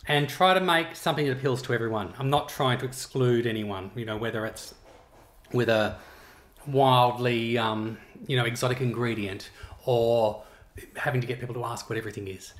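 A middle-aged Australian man, a chef talking casually about his cookbook in a relaxed, rambling way with frequent chuckles. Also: medium pitch, normal speed. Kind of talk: casual interview chat.

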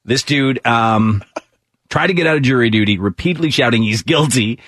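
A man hosting a radio talk show, telling a news story to his co-hosts in a relaxed way. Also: medium pitch, moderate pace, no room sound, studio quality. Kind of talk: reading news items on air.

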